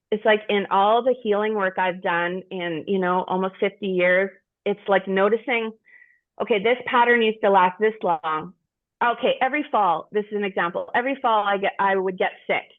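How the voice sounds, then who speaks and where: A middle-aged woman candidly sharing personal stories with a group, frank and profane, rambling with restarts. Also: medium pitch. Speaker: group participant. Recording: tinny phone-like sound.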